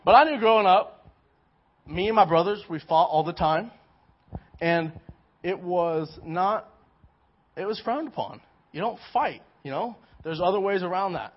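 A young man giving a casual sermon, telling a personal story in an animated way with many restarts. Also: high-pitched. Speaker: preacher. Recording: dull lo-fi recording.

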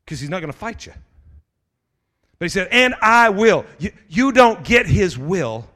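A middle-aged male pastor delivering a sermon, urging his listeners on and swelling into shouted exhortation. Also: high voice, very animated, unhurried. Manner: urgent, rising to shouts of exhortation.

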